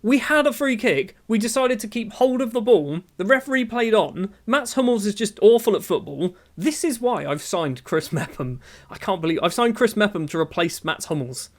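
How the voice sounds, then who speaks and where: A man with a high voice talks through a football management game in a casual, running commentary. He is often exasperated and sarcastic, scolding his virtual players as he goes. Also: animated, moderate pace. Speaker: gaming YouTuber.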